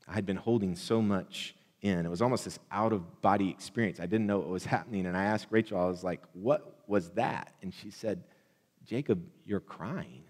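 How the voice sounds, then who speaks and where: A man preaching a sermon, building to loud, impassioned repeated blessings. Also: low voice, steady tone, brisk, few pauses, in a large hall. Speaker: pastor.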